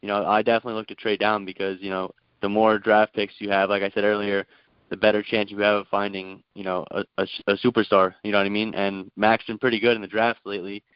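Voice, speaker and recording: On the low side with little pitch movement, this fast-talking caller rings a sports talk show to chat casually. He hesitates, restarts, and uses plenty of fillers; the audio is dull but clean, with no room sound.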